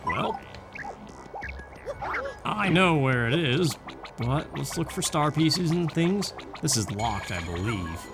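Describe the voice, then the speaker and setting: A man's voice: fairly high pitch, big pitch swings, takes it slowly, pauses often. A young man hosting a let's play, giving rambling, casual gameplay commentary and thinking aloud. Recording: game music behind.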